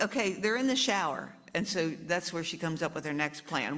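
A woman with a lowish voice reads a picture book to children at a moderate pace, animated and talkative. Between pages she stops to chat with the kids and explain the story.

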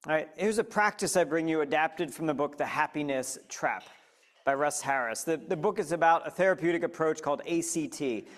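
This mindfulness talk comes from a man whose voice runs a bit high and fairly quick. He engages the live crowd directly and animatedly, often posing questions in a conversational way.

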